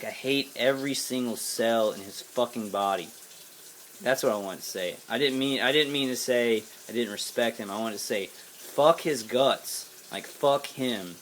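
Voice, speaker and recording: A man's voice: medium pitch, fairly bright tone, a little hiss or hum. An American man giving a casual to-camera monologue as a vlogger, angry, profane and rambling with many fillers and restarts. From United States.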